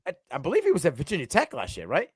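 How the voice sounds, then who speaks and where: A man co-hosting a casual sports podcast, talking in an animated way with frequent restarts. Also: on the high side, racing, breathy edge, dry recording. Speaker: podcast co-host.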